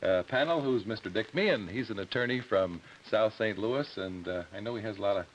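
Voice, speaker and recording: Lower-voiced man hosting a 1960s TV panel. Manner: friendly, brisk introductions. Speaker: TV panel show host. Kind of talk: broadcast hosting. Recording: dull 1961 TV broadcast with hiss.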